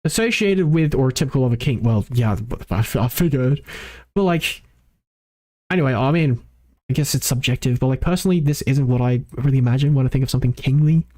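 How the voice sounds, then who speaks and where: A woman's voice: rumbling low, brisk, mellow. A woman streamer playing through and reading a visual novel, rambling and correcting her own slips. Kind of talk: game playthrough commentary.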